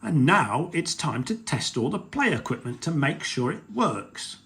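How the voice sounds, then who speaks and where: A man's voice: fairly high pitch, sing-song, unhurried, creaky, a bit bright, heavily acted. A man voicing a jolly, playful father pig in a read-aloud storybook, hearty and showy. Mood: cheerful.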